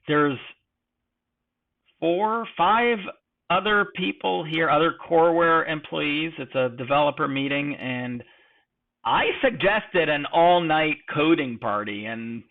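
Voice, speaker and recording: Gravelly man over a tinny line. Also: a little high, takes it slowly. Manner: rambling, joking, lots of fillers. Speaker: podcast co-host. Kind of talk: casual late-night chat.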